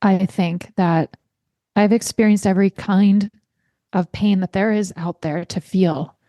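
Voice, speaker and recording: Warm-toned earnest woman podcast host. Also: fairly low pitch, dry recording, clean studio sound. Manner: earnest, heartfelt, guides slow breathing. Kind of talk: podcast monologue.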